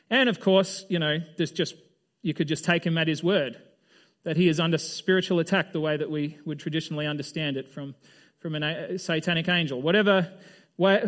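A man's voice: on the high side, fairly bright tone. A man preaching a sermon as a pastor in a loose, conversational way. He asks his listeners questions and often restarts or trails off mid-sentence.

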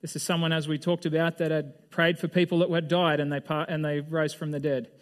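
High-pitched pastor guy giving a sermon, chatty, asks the room stuff, restarts his sentences a lot. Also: flat delivery, a little fast. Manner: conversational, asks the congregation questions; restarts and trails off mid-sentence.

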